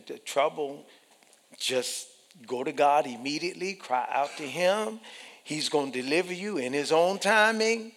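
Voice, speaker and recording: A man preaching a sermon, emphatic and animated, repeating phrases and acting out the voices he quotes. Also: fairly high pitch, normal speed. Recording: long hall reverb.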